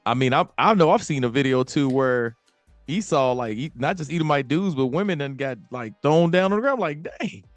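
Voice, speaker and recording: A man's voice: medium pitch, animated, fairly quick, no room sound, faint music behind. A man, laid-back and earnest in a casual talk radio discussion, laughing easily.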